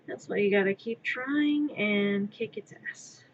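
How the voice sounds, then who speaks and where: A woman's voice: medium pitch, lively intonation, measured pace, hardly any pauses, lo-fi sound, a little hiss or hum. A woman streaming live from her room as she works on a craft, talking to herself and half-whispering pleas at her work. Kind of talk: live-stream self-talk while crafting.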